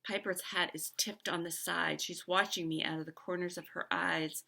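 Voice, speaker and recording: Expressive woman reading a novel aloud. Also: lowish voice, moderate pace, gravelly, hardly any pauses. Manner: expressive, stops to comment on the story.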